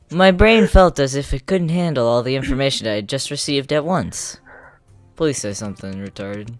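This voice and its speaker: Giggly low-voiced American woman. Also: sing-song, unhurried, long pauses, soft background music. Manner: giggly, joking. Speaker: streamer dubbing a comic. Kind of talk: casual comic reading stream.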